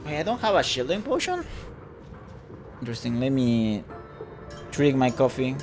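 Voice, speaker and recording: A man's voice: medium pitch, sing-song, moderate pace, long pauses, over music. A man streaming a game, reading items aloud and muttering casual, sometimes swearing asides.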